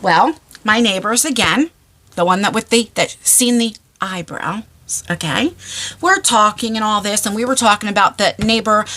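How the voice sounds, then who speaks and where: A woman chatting casually in a storytime vlog, laughing and squealing as she tells an embarrassing tale. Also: moderate pace. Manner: animated, laughing, breaks into high squeals. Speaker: vlogger. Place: parked car.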